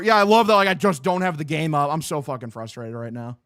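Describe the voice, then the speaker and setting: A man's voice: a little high, expressive, fairly quick, hardly any pauses, a bit bright, no echo, studio quality. A young man hosting a casual live game-watch stream. He swears a lot, sounds frustrated and talks to his chat as "boys". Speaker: livestream host.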